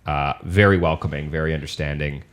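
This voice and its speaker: A male host with a very low voice chats casually with his guest. He keeps a relaxed, encouraging tone and often drops in short affirmations. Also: a little fast. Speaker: interview host. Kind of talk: casual interview chat.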